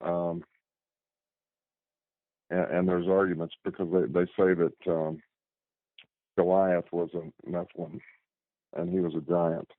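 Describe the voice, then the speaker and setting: A man with a very low voice speaks as a guest over a tinny phone line. His delivery is halting, often repeating words while he gathers his thoughts, and the sound is dry and close. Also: flat delivery, dry recording. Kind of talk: casual conversation.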